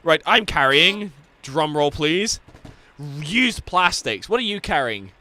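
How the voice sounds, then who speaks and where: A man's voice: on the high side, very animated, takes it slowly, pushed and bright. A Scottish man streaming a game, telling stories in casual chat, swearing constantly and laughing through them.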